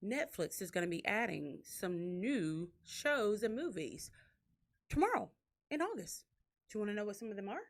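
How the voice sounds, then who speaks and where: A woman hosting a podcast, telling stories in a casual, profane way and acting out what others said. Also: normal speed. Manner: animated, profane, acts out quotes in a shrill crying voice. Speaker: podcast host. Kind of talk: casual storytelling chat.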